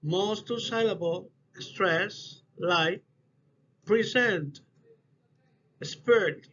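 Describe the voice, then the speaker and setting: A man giving a class presentation on word stress, in halting English that repeats words as he goes. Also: high-pitched, a bit bright. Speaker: student presenter. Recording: dull lo-fi recording with faint noise.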